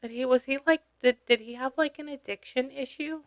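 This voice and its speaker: A woman working as a spiritual medium in a reading session, lively and often stopping to listen before she retells what she hears. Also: sits high, fairly quick.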